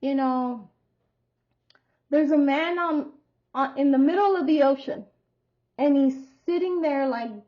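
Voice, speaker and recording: A woman's voice: high-pitched, takes it slowly, pauses often, dull audio. A woman giving a casual tarot reading to her viewers, talking in a chatty, rambling way and telling stories expressively. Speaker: tarot reader.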